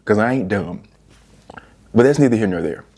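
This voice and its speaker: Animated, exasperated young man reviewing books. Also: lowish voice, moderate pace, vocal fry, a little hiss or hum. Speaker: book reviewer. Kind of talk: casual book review vlog.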